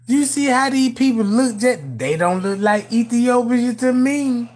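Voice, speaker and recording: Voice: medium pitch, animated, a little slow, a little mellow. A commentator talking to viewers in casual video commentary, emphatic and profane, using street slang and addressing the audience directly.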